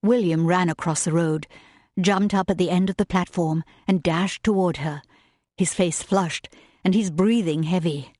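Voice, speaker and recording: A woman narrating a romance audiobook in a measured, gentle way. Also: lowish voice, no echo, clean studio sound. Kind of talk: scripted narration.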